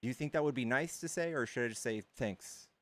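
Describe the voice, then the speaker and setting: A man arguing his point on a live stream, breaking in over the other speaker and often leaving sentences unfinished. His voice sits at an ordinary pitch, and it is recorded close and dry with no room echo. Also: fairly bright tone. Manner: argumentative, quick to interrupt, trails off mid-sentence. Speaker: streamer debating callers. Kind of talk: casual debate.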